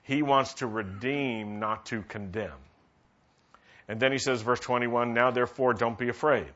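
A man's voice: medium pitch, fairly even intonation, normal speed, a bit bright. A male pastor preaching a sermon and asking the congregation questions to draw them in. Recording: dull lo-fi sermon recording.

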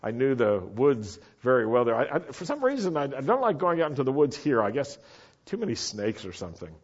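A man preaching a sermon to a congregation, speaking in an animated way and sometimes rising to shouts for emphasis. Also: medium pitch, fairly quick, husky. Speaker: pastor. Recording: dull, lo-fi sermon recording.

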